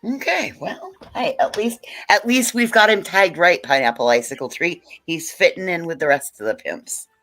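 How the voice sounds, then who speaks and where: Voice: medium pitch, lively intonation, normal speed, hardly any pauses, a bit bright, dry recording. Blunt jokey panel guest, dry sound. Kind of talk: casual livestream chat.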